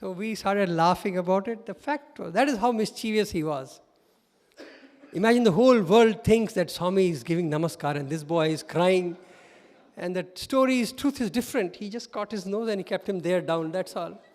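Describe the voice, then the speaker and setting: A middle-aged man with an Indian English accent, giving an animated storytelling talk as a guest speaker and laughing often. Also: high-pitched, normal speed. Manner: animated, laughs often while telling stories. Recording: reverberant hall.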